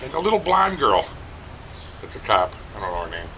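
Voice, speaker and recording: A middle-aged man telling a rambling, animated story, casually chatting outdoors at a barbecue competition. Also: mid-range voice, a little fast, a little hiss or hum, poor audio.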